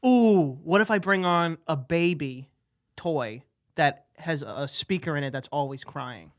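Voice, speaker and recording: A man's voice: a little high, animated, measured pace. A young man co-hosting a podcast, teasing his friends and laughing often. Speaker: podcast co-host. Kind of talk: casual podcast banter.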